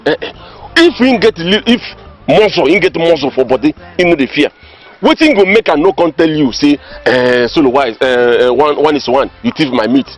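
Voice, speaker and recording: A man's voice: medium pitch, close to an everyday voice. An actor playing a gossiping village man who insistently tells his friend the news in Nigerian Pidgin. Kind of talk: comedy film acting.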